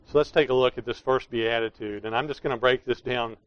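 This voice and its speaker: A male pastor delivers a sermon, stressing key words with emphatic, explanatory force. His voice sits at an ordinary middle pitch. The recording is dry and slightly dull, with no room echo. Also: steady tone, a little fast.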